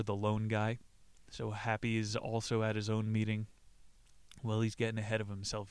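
A man's voice: fairly low pitch, clean tone, dry recording. A man hosting a podcast, retelling a play in a casual, profane way and laughing as he acts out the characters' lines. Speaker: podcast host.

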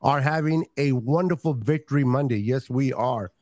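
Excitable man on a video call, dry sound. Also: medium pitch, moderate pace, dry recording. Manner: excitable, talks over others. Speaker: guest panelist. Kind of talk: casual chat.

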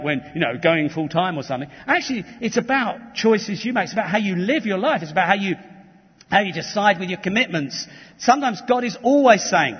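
High-voiced man preaching in a reverberant church. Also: husky, lo-fi sound. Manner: earnest, emphatic, with restarts and asides. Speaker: pastor. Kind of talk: sermon. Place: church hall.

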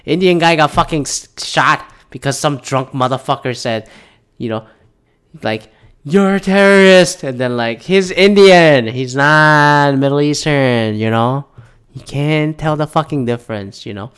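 Young male vlogger, mid-range voice, casual sweary rant, loud then mumbling. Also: mid-range voice, a little slow, clear, resonant tone. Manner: profane, animated ranting with sudden loud bursts and mumbled asides. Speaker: vlogger reacting to news. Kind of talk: casual ranting commentary.

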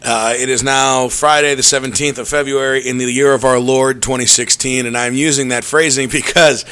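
A man's voice: medium pitch, fairly even intonation, moderate pace, pushed and bright, clean tone. A man hosting a casual podcast, rambling sarcastically with laughing asides. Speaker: podcast host.

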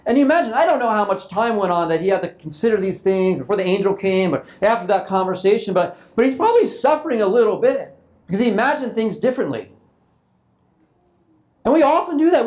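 A man's voice: high-pitched, big pitch swings, fast, a little mellow. A man preaching a sermon in a loose, conversational way, often repeating and restarting his phrases. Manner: informal, repeats and restarts phrases, acts out quoted thoughts. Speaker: pastor.

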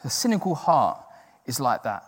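A man's voice: medium pitch, very animated, normal speed, husky. Man preaching in a reverberant hall. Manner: earnest, self-deprecating, acts out inner voices. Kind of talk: sermon.

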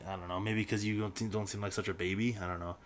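A man's voice: lowish voice, little pitch movement. A man co-hosting a casual podcast chat, telling stories and acting out the people in them. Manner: fast storytelling, acts out quoted people. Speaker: podcast co-host.

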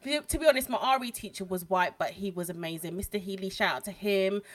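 Woman, podcast co-host, blunt, animated, casual chat. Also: mid-range voice, fast. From London. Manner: blunt, animated, swears freely.

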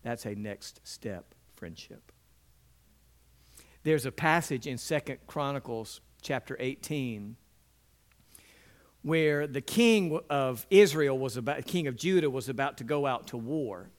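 A middle-aged male pastor preaching a sermon in an earnest way, sometimes voicing biblical characters with lively pitch and dropping low and quiet for emphasis. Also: slow.

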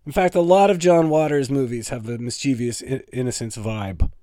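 A man's voice: medium pitch, moderate pace, warm tone, no echo, studio quality. A man from Toronto, hosting a solo comedic podcast in a playful, rambling way. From Toronto, Canada. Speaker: podcast host.

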